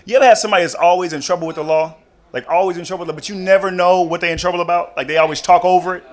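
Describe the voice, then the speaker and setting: A young man doing a stand-up comedy set on a club stage, talking casually and jumping into loud high voices for the people in his stories. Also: rapid-fire. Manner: animated, jumps into loud high-pitched voices for characters.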